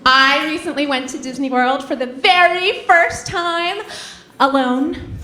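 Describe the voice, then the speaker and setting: A woman in her thirties from Massachusetts performs stand-up on a comedy club stage, her voice sitting a touch high. She lands punchlines in a wry, sardonic way, and the room gives her voice a roomy ring. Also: measured pace, pushed and bright. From Massachusetts, USA. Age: 30s.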